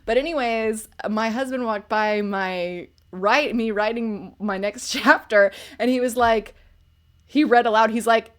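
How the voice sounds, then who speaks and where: A woman's voice: on the high side, unhurried. A woman hosting a casual livestream where she reviews books, talking in a chatty, rambling way and laughing often. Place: home computer setup.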